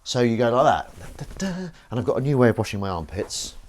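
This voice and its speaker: A man's voice: medium pitch, very animated, a little fast, slight background noise. A man hosting a live stream, chatting playfully and rambling with silly asides while washing up. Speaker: streamer host.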